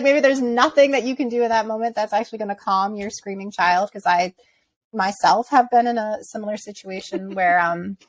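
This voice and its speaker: A woman's voice: mid-range voice, dry recording. Reflective woman on a dry mic. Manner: reflective, wistful, laughs through her story. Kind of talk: casual podcast chat.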